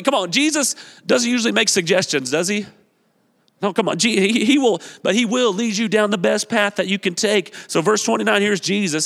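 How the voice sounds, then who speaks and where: A male pastor with a very high-pitched, brisk voice preaches an energetic sermon in a church sanctuary, exhorting the congregation, repeating his phrases and acting out quotes. The large hall gives the recording a long reverb.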